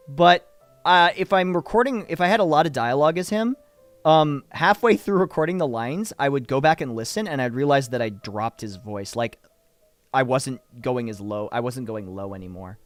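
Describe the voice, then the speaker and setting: Chatty man with lively pitch. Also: no room sound, soft background music. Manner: chatty, animated, laughs easily, swears casually; demonstrates voices with quick shifts. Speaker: voice actor and streamer. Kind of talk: casual livestream chat answering viewer questions.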